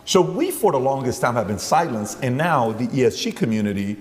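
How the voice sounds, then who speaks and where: A man's voice: medium pitch, big pitch swings, a little fast, long reverb tail. A man hosting a podcast interview, talking in a rambling, conversational way and acting out quoted dialogue. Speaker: podcast host.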